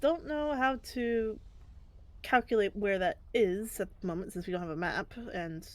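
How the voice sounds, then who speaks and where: A woman's voice: medium pitch, moderate pace, no echo. A woman casually playing in a tabletop game, offering suggestions. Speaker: player.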